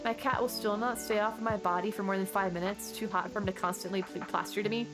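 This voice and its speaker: A woman's voice: mid-range voice, fairly even intonation, fast. A woman streaming a game from home, chatting casually and rambling through stories while answering her chat. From Texas. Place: home desk. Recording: chill music playing under the voice. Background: background music.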